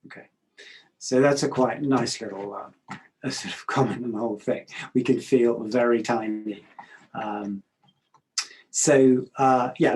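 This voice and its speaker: A middle-aged man giving a reflective talk, calm and measured, pausing often with hesitations. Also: medium pitch, poor audio.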